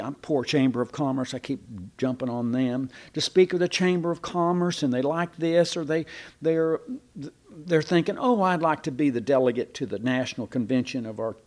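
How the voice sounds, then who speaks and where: A man's voice: a little high, a little mellow. A man preaching a sermon in a folksy, conversational way, often repeating and restarting his words.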